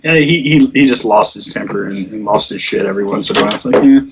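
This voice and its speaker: With a fairly low pitch and quick delivery, he chats about online games, cursing, laughing and imitating what people said. The background is noisy.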